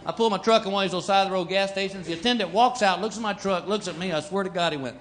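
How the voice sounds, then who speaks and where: A man's voice: high voice, very fast. A man with a Texan accent performing a stand-up comedy routine, drawling through stories and acting out dumb characters before a live audience. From Texas. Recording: live show with crowd laughter and noise.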